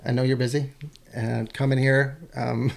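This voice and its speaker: A man hosting an interview, talking in a relaxed, chatty way with plenty of fillers and restarts. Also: medium pitch, normal speed, vocal fry. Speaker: podcast host. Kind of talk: casual interview chat.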